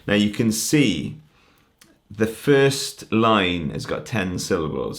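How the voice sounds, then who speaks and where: A man's voice: deep voice, animated, measured pace. A man giving a conference talk that explains Welsh poetry, breaking words down patiently syllable by syllable. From Wales. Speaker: language teacher.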